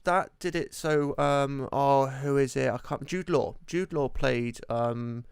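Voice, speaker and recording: A man in casual podcast chat, hesitant and halting, with many ums as he searches for examples. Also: mid-range voice, creaky, smooth, no room sound, clean studio sound.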